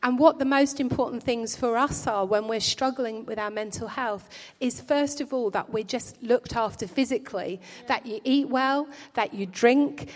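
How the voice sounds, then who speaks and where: A woman delivers a gentle, earnest sermon with a pastoral warmth of manner, often restarting her phrases. Her voice sits a little high. The recording carries the long reverb of a church hall. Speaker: preacher.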